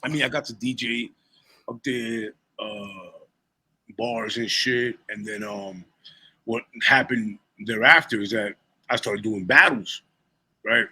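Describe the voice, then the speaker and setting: A man's voice: lowish voice, slow pace, slightly rough, low-quality recording. A man in his forties, a rapper and DJ, telling stories in a casual interview, swearing freely and laughing between lines. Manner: profane, animated storyteller who laughs between lines.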